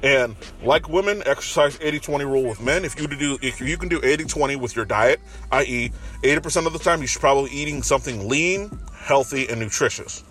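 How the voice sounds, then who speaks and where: A man's voice: mid-range voice, fast talker, a bit bright. A man talking in a casual, profane, rambling monologue from his car, parked in a parking garage. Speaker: commentary vlogger. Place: parking garage with construction nearby.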